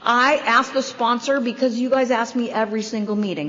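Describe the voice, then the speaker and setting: A woman in her fifties or older shares her recovery story from a podium, her voice sitting a bit high. She tells it with wry, self-deprecating asides. The long reverb of a large hall trails her words on a dull recording. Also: fairly even intonation, brisk, crowd noise. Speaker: convention opening speaker. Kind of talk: recovery meeting speaker share. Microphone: podium microphone.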